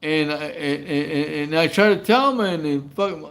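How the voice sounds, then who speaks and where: On his livestream, a Mexican host with a high, fairly bright voice tells casual stories about prison at a moderate pace. He rambles and stammers through slang-filled anecdotes, laughing often.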